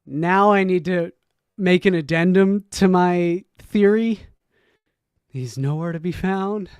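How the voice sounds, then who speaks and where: A man casually commenting as he reacts to a video, rambling and joking, swinging from low mumbles to loud whoops. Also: smooth, no echo, studio quality. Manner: frequent restarts and laughs, profane.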